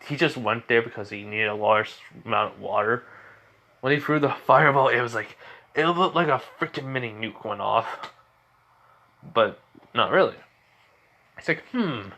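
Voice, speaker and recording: A man's voice: mid-range voice, bright, forceful tone. A teenage boy casually narrating a fan story in a rambling way. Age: teens. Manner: rambling, with fillers and restarts.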